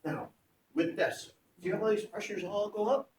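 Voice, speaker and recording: A man teaching a class, telling a story in an animated way and acting out the voices of the people in it. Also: sits high, measured pace. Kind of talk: classroom lecture with anecdotes. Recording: echoey room with faint background noise.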